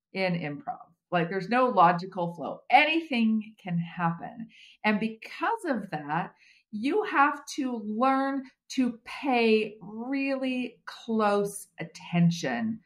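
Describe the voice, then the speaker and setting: A middle-aged American woman, an HR consultant and podcast guest, talking in a wry, self-mocking way with many fillers. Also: on the high side. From United States. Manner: humorous, self-deprecating, chatty with many fillers. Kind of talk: conversational interview.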